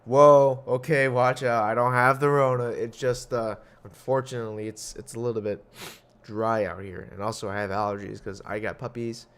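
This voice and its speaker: A man's voice: mid-range voice, level tone, moderate pace, smooth. A young man hosting a casual solo podcast, rambling and swearing with jokes, coughing now and then. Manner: rambling, profane, jokey. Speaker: podcast host.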